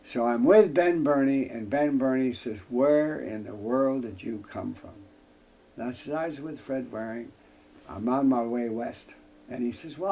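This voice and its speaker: An older man from the United States tells an anecdote in an interview, using folksy phrasing and acting out what others said. His voice has a gravelly, creaky edge. A faint noise sits under it. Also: mid-range voice, warm tone. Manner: acts out other people's lines in a long tale; folksy wording with frequent "I says". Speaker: interview guest. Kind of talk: storytelling anecdote.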